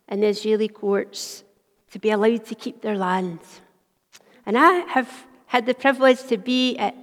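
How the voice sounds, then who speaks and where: A woman preaching a sermon, telling a story earnestly and dropping to a hush for quoted words. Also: medium pitch. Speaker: minister. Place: church. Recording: long church reverb.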